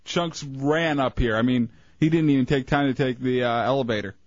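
A man's voice: mid-range voice, normal speed, no room sound, dull audio. A man co-hosting a radio show, needling his co-host with wry questions. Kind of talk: radio banter.

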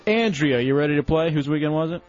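A man hosting a radio show, running a quiz game with teasing banter. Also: fairly high pitch. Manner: animated, teasing, quick laughs. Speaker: radio host. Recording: slightly muffled broadcast with faint music.

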